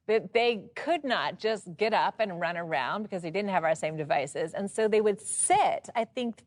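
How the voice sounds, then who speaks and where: A woman in her thirties with a mid-range voice leads a casual Bible study. She's chatty and expressive, laughing often while she explains the passage.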